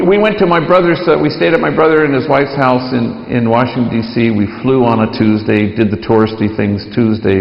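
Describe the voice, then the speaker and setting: Gravelly-voiced priest telling a story in a hall. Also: male voice, mid-range voice. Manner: animated storytelling, acting out quoted voices. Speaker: priest giving a talk. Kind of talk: storytelling lecture. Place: large lecture hall. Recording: echoey hall, dull lo-fi sound.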